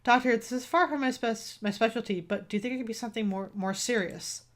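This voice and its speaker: A woman's voice: on the high side, fast talker, close to an everyday voice. A woman voicing a polite, inquisitive male doctor in a game, reading his lines with a few stumbles.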